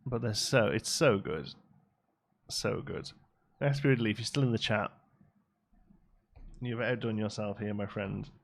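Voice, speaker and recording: A man talks his viewers through a building game in loose, chatty commentary, stopping to answer chat. His voice sits a little low, with mouse clicks faintly behind. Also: a little slow, gravelly, pauses often, slight background noise. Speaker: game streamer. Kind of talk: casual live-stream commentary.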